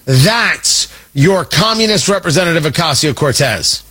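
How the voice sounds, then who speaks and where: Indignant husky-voiced male commentator. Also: a little high, expressive, unhurried, a bit bright, low-quality recording. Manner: indignant, combative, mocking. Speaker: political commentator host. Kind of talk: opinion monologue.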